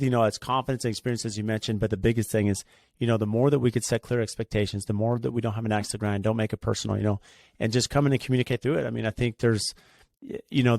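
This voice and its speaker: A man's voice: lowish voice, creaky, a little mellow, dry recording. A man who works as a home builder, talking casually about business and peppering his speech with "you know". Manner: fast, chatty, many fillers like "you know". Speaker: home builder, podcast co-host.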